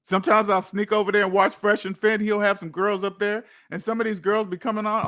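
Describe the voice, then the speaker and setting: A man's voice: high voice, fairly even intonation, fast, few pauses, a bit bright. A man hosting a finance channel, ranting casually, incredulous and repeating lines for emphasis. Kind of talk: casual livestream rant.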